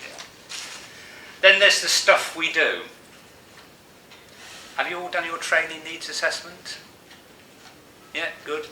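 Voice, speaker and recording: A man's voice: a little high, slow, pauses often, sharp tone. A man giving a live masterclass talk to a room of analysts, joking and asking the audience questions. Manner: jokey and conversational, asks the audience questions. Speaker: masterclass presenter. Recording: echoey room from far off, faint hiss.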